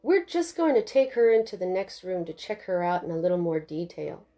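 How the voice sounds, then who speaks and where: A woman voicing a calm, reassuring doctor in a read-aloud novel. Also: lowish voice, fairly quick. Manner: reassuring, professional. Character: calm, slightly nervous delivery doctor.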